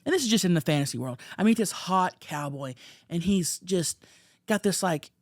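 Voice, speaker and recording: A woman co-hosting a casual comedy podcast, telling bawdy stories with animated, stammering restarts. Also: on the low side, moderate pace, no room sound, studio quality. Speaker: podcast co-host.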